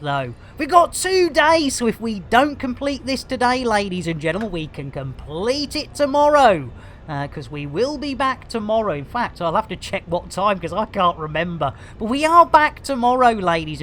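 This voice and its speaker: A woman's voice: medium pitch, a little hiss or hum. A woman doing live game-stream commentary in playful, punning patter, laughing often and addressing viewers like a showman. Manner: showman-like addresses to "ladies and gentlemen".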